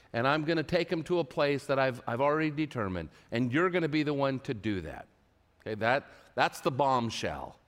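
Animated male preacher in a reverberant hall. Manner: animated, acts out quoted voices with big pitch swings. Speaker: pastor. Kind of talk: sermon.

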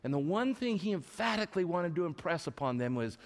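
A pastor with a high-sitting voice preaches to a live church congregation, animatedly retelling stories a little fast and frequently restarting his words. The long reverb of a large hall surrounds him.

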